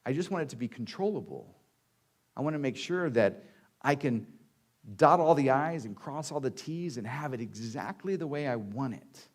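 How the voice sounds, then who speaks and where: A man pastor delivering a sermon in a relaxed, conversational way. He acts out people's lines and leans on dramatic pauses to tell the story. His voice sits at an ordinary middle pitch for a man.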